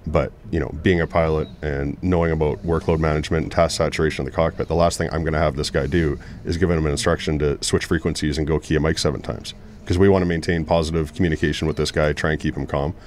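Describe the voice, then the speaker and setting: A man's voice: extremely low pitch, level tone, fast, hardly any pauses, darkish tone. A middle-aged man, an air traffic controller, telling stories earnestly in a casual panel talk. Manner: earnest, storytelling with many restarts.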